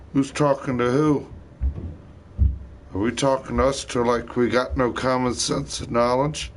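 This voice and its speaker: A man's voice: mid-range voice, a bit bright. A man talking alone in a rambling vlog monologue, swearing often and drifting between thoughts. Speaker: vlogger.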